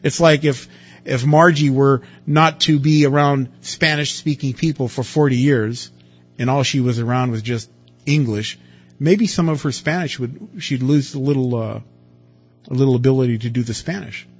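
A man's voice: medium pitch, moderate pace, husky, muffled recording, faint music behind. A man preaching a sermon in a conversational way, asking his listeners rhetorical questions and stressing words. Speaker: pastor.

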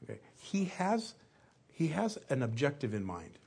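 A man's voice: medium pitch, huge pitch swings, measured pace, gravelly, darkish tone, husky. A middle-aged man preaching a sermon in a conversational, storytelling way, acting out little asides as he goes.

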